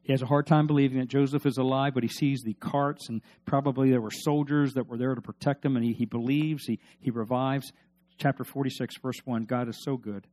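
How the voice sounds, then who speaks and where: This pastor's sermon moves briskly, his mellow mid-range voice holding a steady tone. He reads from scripture and presses his message with emphasis, turning to his listeners with questions.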